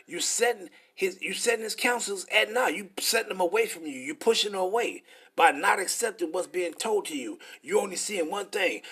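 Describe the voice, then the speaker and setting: Fiery profane preacher guy, raspy, slightly high voice, drags out bible verses. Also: lively intonation, a bit bright. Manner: profane, combative, reads verses slowly. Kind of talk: street-style scripture preaching.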